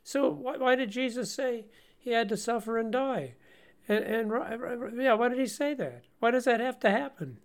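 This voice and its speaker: A man co-hosting a Bible-study radio show, teaching in an animated way with frequent laughs and stumbling restarts. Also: very high-pitched, normal speed.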